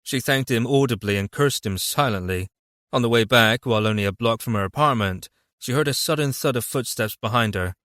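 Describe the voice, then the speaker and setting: A man narrating a fantasy audiobook in a steady, even reading voice. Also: medium pitch, a little fast, dry recording, clean studio sound. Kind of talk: scripted narration.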